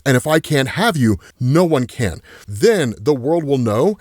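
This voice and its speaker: A man voicing a deranged male villain clone in a comics recap, reading his menacing lines aloud in a slightly lowered voice. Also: very animated, measured pace, darkish tone, no echo, studio quality.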